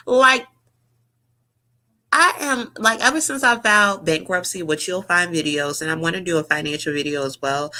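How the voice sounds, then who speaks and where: A woman vlogger in a casual commentary, loud and profane, talking straight to her viewers and breaking into shrieking laughter. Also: lowish voice. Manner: slangy, talks straight to viewers as y'all.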